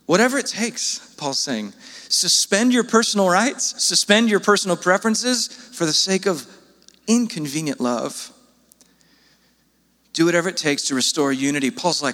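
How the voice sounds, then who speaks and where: A man's voice: lively intonation, normal speed, a bit bright. Earnest male pastor in a reverberant hall. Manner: earnest, pleading, with sudden rises in pitch. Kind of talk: sermon.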